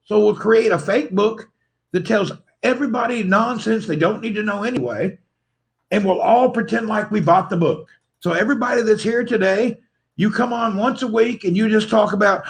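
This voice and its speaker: A livestream host with a gravelly, high-sitting voice talks at a normal speed. He rambles playfully, teases his viewers and laughs often in this joking livestream chat.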